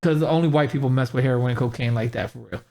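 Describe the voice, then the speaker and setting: A man's voice: mid-range voice, quick pace, gravelly, a crowd in the background. A man hosting a casual podcast chat, talking animatedly and acting out what other people said. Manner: animated, quotes people in raised voice. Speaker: podcast host.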